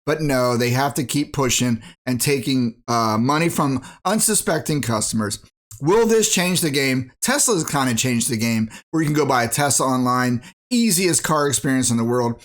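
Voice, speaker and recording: A man's voice: mid-range voice, lively intonation, normal speed. Blunt ranting American man. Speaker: vlogger. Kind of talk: casual rant to camera.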